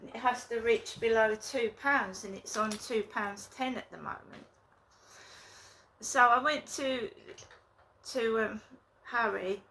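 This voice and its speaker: A woman talking casually to her viewers in a rambling, indignant way, recording a vlog in her flat. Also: on the high side, takes it slowly, slight background noise. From England. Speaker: vlogger. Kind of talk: casual vlog talk to camera.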